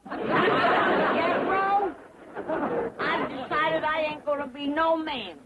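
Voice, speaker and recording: A woman's voice: drawn-out words, highs cut off, over a noisy crowd. An actress playing a feisty, cantankerous old hillbilly grandmother with a rural Southern accent. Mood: grumbling. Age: older. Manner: shrill, cranky. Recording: old TV sound, loud audience laughter and hiss.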